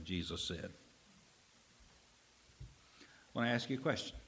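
A man preaching a sermon, telling a story and swinging between quiet asides and loud emphatic lines. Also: lowish voice, lively intonation, a little slow, long pauses. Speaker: pastor.

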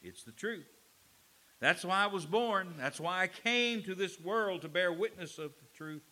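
A man voicing a calm, resolute condemned teacher, making firm, rising declarations. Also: sits high, unhurried, pitched above the performer's own voice, heavily acted.

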